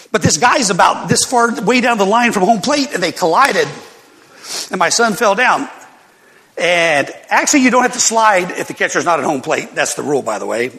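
A folksy older male pastor, storytelling from the pulpit in a high, bright voice with a husky edge. His words ring out through a big hall with long reverb. He flares up into loud bursts when a story heats up. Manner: folksy, animated storytelling with sudden loud outbursts and laughs. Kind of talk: sermon storytelling.

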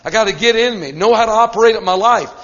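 A Pentecostal preacher with a very high, ringing voice delivers his sermon fervently and leans on repeated phrases. His words echo through a large hall. The recording sounds muffled and dull. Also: fast talker, fairly bright tone.

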